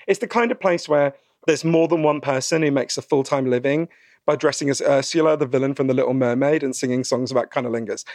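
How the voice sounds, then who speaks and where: A man being interviewed about his book, telling stories in a lively conversational way and acting out the voices he quotes. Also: medium pitch, fast, no echo, clean studio sound. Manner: animated storyteller, acts out quoted voices, frequent "right?".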